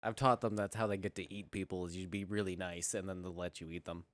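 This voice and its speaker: Sex: man. Role: podcast co-host. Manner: teasing, deadpan. Pitch: low. Sound: dry, close mic. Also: quick pace, dry recording. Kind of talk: casual podcast banter. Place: home basement studio.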